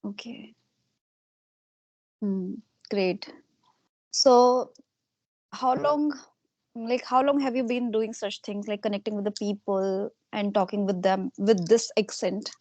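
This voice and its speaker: A middle-aged woman, interviewing in a casual way and softly repeating short acknowledgements. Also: medium pitch, steady tone, slow pace, long pauses, no room sound.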